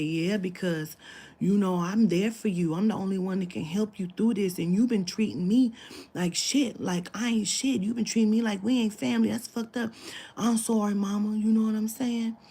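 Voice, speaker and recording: A spiritual reader tells a long story about a client in casual conversation, acting out the quoted lines, swearing freely and sometimes whispering. Her medium-pitched voice is mellow and slightly rough, with vocal fry.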